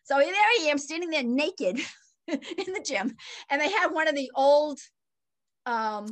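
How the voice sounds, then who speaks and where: An older woman telling a personal story in conversation, animated and laughing often, swinging between excited and hushed. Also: sits high, unhurried. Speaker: guest.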